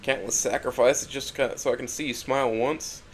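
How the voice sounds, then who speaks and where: A man's voice: medium pitch, fairly even intonation, moderate pace, slight background noise. A man narrating a first-person dramatic story, emotional and swinging from hurt to angry outbursts.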